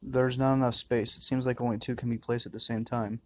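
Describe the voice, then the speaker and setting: A man's voice: mid-range voice, little pitch movement, brisk, a little mellow, a little hiss or hum. A man doing crude, joking commentary while playing a horror game, muttering and swearing to himself. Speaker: let's-play gamer.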